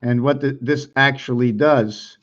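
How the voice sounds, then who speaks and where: A man's voice: mid-range voice, fairly even intonation, a little slow, a bit bright. Rambling man musing aloud, lo-fi sound. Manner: rambling, musing, unsure of himself. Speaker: video creator. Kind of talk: thinking aloud while drawing and explaining.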